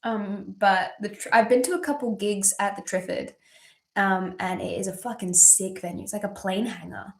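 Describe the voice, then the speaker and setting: A woman's voice: mid-range voice, moderate pace, creaky. A young Australian woman hosting a birthday livestream, chatting casually, rambling with lots of ums and casual swearing while she reads viewer questions.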